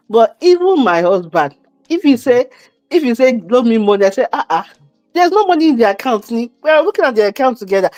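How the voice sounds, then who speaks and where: Co-host: woman, middle-aged, higher voice, dry close mic, emphatic. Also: a little mellow, no room sound. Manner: emphatic, scolding, quick bursts. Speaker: podcast co-host. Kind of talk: casual reaction chat.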